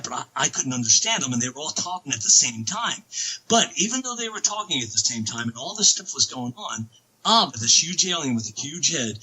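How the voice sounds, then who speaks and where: A man telling a long story as a podcast guest, excitable and rambling, with many restarts. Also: medium pitch, breathy edge, low-quality recording. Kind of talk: casual storytelling.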